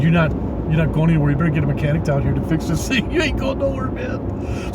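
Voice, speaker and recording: A man telling rambling stories on a live stream from his truck, laughing often and dropping "man" and mild swears. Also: sits high. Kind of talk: casual storytelling on a live stream. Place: inside a moving truck cab. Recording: road and engine noise behind.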